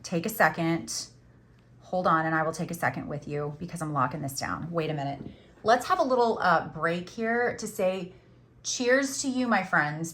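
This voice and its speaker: A woman's voice: on the low side, a bit bright. A middle-aged woman hosting a crochet tutorial, chatting casually and teasing herself while she works. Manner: chatty, self-teasing, says "y'all".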